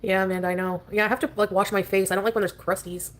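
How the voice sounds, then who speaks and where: A woman's voice: mid-range voice, fairly even intonation, fast talker. A woman livestreamer chatting in a scattered way, drifting from one topic to the next. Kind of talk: rambling livestream chat.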